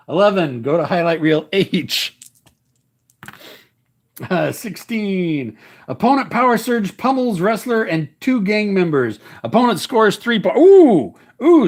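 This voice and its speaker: A man calls a tabletop wrestling match like a ring announcer, chuckling and catching his own slips as he goes. His voice sits fairly high for a man and leaps up and down in pitch. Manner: chuckling, self-correcting, jokey ring-announcer patter. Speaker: game host and commentator. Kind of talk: playful solo tabletop wrestling game commentary.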